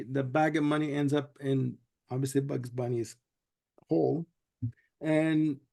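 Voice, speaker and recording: Gravelly man retelling a cartoon. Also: fairly high pitch. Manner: rambling, animated, lots of fillers. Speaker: podcast host. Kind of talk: casual chat, retelling a cartoon.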